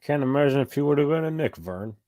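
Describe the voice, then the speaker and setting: A man's voice: medium pitch, animated, fast, mellow, no room sound. Joking man on a dry mic. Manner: joking, quotes film lines, stumbles over words. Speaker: co-host. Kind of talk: casual live sports chat.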